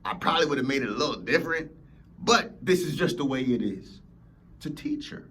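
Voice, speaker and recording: A man's voice: medium pitch, lively intonation, fast talker, a bit bright, breathy edge. A man hosting a motivational podcast, preaching emphatically and acting out whiny complainers. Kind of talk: motivational talk.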